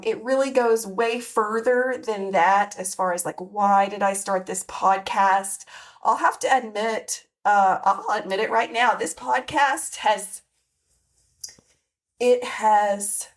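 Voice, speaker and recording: A woman's voice: medium pitch, steady tone, slow pace. A woman in her forties hosting a podcast, talking candidly and reflectively with many fillers and restarts. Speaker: podcast host. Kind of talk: personal monologue.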